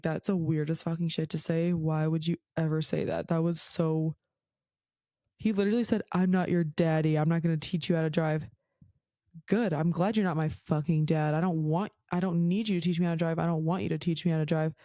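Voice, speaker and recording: With a low, steady, mellow voice that moves fairly quickly, this woman is recorded dry. She hosts her own podcast and tells stories casually, chatty and profane, saying "like" all the time.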